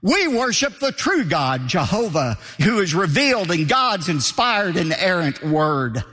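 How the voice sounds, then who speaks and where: A man's voice: sits high, big pitch swings, a little slow, pushed and bright, slightly rough, long reverb tail, faint music behind. A man preaching a sermon as pastor, emphatic and driving his points home by repeating key phrases.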